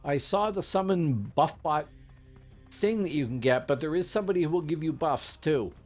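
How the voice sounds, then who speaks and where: A man's voice: on the high side, animated, normal speed, a little mellow, soft background music. A man giving casual, rambling gameplay commentary as a streamer, chatty with many fillers and asides. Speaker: game streamer.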